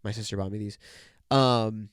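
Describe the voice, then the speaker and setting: A man's voice: on the low side, fairly even intonation, normal speed, clean tone, no room sound, studio quality. A young man hosting a solo podcast, congested and nasal, rambling and joking with lots of swearing. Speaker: podcast host. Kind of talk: casual solo podcast chat. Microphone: podcast microphone.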